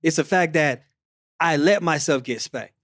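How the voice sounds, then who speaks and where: A man's voice: fairly high pitch, a little slow, a bit bright, no room sound, studio quality. A middle-aged man hosting a casual sports chat, telling stories animatedly and repeating phrases. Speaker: show host.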